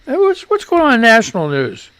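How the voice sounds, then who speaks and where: His voice is extremely high and swoops wildly in pitch, brisk, a bit bright, clear, and resonant. The man hosts a live show with casual, rambling chatter, salty language, and self-mockery, sounding somewhat winded.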